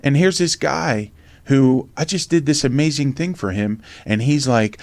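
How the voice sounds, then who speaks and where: A middle-aged man from Pennsylvania telling his life story in a casual interview, animated and blunt, swearing freely and acting out the voices in his tales. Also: medium pitch, moderate pace, dry recording. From Norristown, Pennsylvania, USA. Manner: animated storyteller, acts out quotes, swears freely, says "right?" often. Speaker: podcast host and memoir author.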